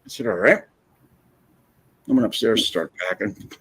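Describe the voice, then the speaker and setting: A husky-voiced man hosting a casual livestream, telling a story bluntly and with plenty of swearing. His pitch swings widely as he gets animated, and his tone stays loose and conversational. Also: moderate pace. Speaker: livestream host.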